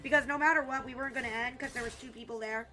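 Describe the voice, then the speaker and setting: Young woman, streamer, live game commentary, excitable, swears, fairly high voice, game music behind. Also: very fast. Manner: excitable, swearing, yelling at teammates.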